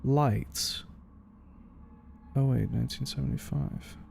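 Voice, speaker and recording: A man's voice: medium pitch, fairly even intonation, takes it slowly, creaky, darkish tone, a little hiss or hum. A man streaming a video game, thinking aloud in a casual way with the odd swear. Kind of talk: live gameplay commentary.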